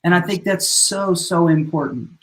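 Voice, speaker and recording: Speaking at normal speed in a high-pitched, fairly bright voice, a man who is a school principal shares earnest stories on a casual podcast. He acts out his students' words as he goes.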